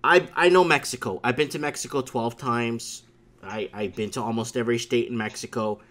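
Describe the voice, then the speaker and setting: In casual talk-show banter, the male host tells stories with punch and loops back to familiar catchphrases. He talks briskly in a mid-range voice with a fairly bright tone.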